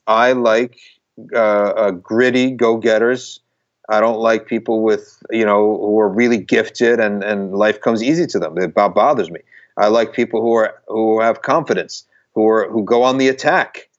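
Earnest low-voiced man, slightly muffled. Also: steady tone, measured pace. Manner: earnest, emphatic, circles back and restarts phrases. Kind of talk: conversational talk.

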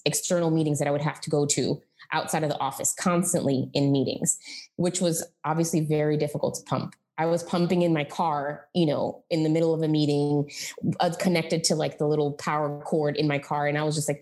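Low-voiced woman telling her story casually. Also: vocal fry, a little mellow. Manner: candid and chatty, with frequent "like" and "um". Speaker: podcast guest sharing her story.

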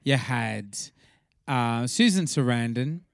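A man's voice: medium pitch, expressive, takes it slowly, creaky, no echo, clean studio sound. An Australian man co-hosting a podcast, chatting casually, swearing freely and laughing often. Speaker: podcast co-host. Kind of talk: casual chat.

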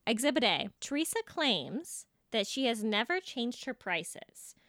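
Bright-voiced, animated woman co-host. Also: on the high side, unhurried, dry recording, clean studio sound. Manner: animated, profane, joking. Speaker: podcast co-host. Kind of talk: casual podcast chat.

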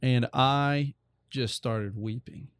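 A man's voice: medium pitch, slow, smooth, dry recording. A young adult man telling a personal faith story as a guest, earnest and rambling with many restarts.

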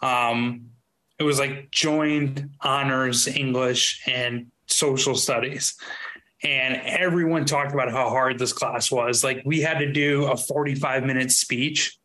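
A man co-hosting a podcast, chatting in a relaxed, rambling way full of fillers. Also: mid-range voice, slow pace, low-quality recording. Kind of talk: casual chat.

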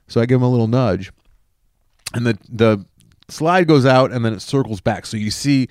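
A man in casual podcast chat, telling a story in lively fashion, acting out the people he quotes and swearing freely. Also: mid-range voice, normal speed, dry recording, clean studio sound. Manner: animated storyteller who acts out the people he quotes.

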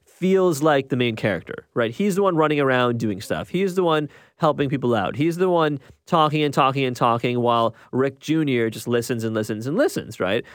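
A young man talks through a film review in a loose, conversational way, often checking in with his listeners. His voice sits a little high and swings up and down with animation. The sound is dry and close, with no room around it. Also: no room sound. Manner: conversational, frequent tag questions, restarts. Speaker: podcast host reviewing films. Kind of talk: casual spoken film review.

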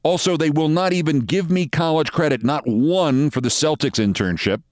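A man's voice: on the high side, moderate pace, darkish tone, no room sound. Wry male storyteller, dry studio sound. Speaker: host. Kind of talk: personal storytelling monologue.

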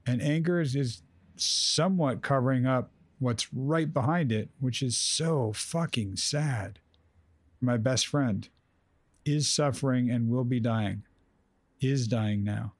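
A man's voice: mid-range voice, unhurried, no echo. Man, counselor, direct, probing, emphatic, dry close sound. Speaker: host, counselor. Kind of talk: therapeutic conversation.

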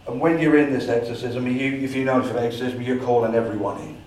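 Animated man telling a story in an echoey room. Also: mid-range voice, fast, far from the mic. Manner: animated storyteller acting out his own dialogue. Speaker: paranormal investigator giving a talk. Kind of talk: storytelling talk to a society meeting. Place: meeting room.

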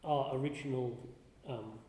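A man giving a contemplative spiritual talk, speaking slowly and reflectively, often pausing and restarting his phrases. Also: medium pitch, steady tone, warm tone. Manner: slow and reflective, with frequent restarts and pauses. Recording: roomy hall with long reverb.

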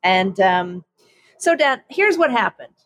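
A woman co-hosting a podcast in casual chat, telling stories in an animated, self-mocking way. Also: medium pitch, slow pace, dry recording. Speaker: podcast co-host.

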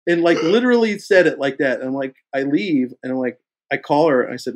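A husky-voiced man from Kansas City tells long, animated stories as a guest in a casual interview. He acts out both sides of each exchange and his voice jumps high as he plays them. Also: quick pace. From Kansas City, USA. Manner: animated storyteller who acts out both sides of dialogues, jumping high in pitch. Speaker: guest actor.

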